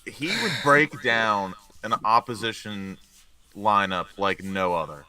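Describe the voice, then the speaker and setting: A man co-hosting a casual podcast chat, delivering jokes in a deadpan way. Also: lowish voice, slow pace, poor audio. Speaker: podcast co-host.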